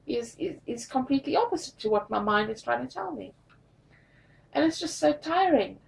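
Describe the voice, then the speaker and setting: A tired, drained woman telling a personal story in a confessional vlog, halting and repeating her words. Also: sits high, animated, gravelly, far from the mic, a little hiss or hum, low-quality recording. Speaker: vlogger.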